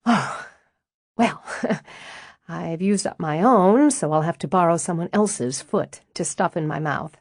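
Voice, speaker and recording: A woman plays a tightly wound young widow in an audiobook, careful and apologetic in every word. The voice sits low and the sound is dry and close. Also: measured pace, dry recording.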